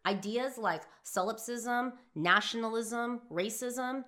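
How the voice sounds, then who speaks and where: A young woman telling a personal story in an emphatic, profane monologue, swinging from hushed to shouting. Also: a little high, slow pace. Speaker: philosophy vlogger.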